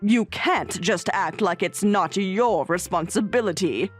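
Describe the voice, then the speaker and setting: A woman's voice: mid-range voice, measured pace, husky, soft background music. A woman playing an indignant, entitled mother. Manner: indignant, insistent. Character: entitled middle-aged mother, indignant and blaming. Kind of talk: voiced story narration drama.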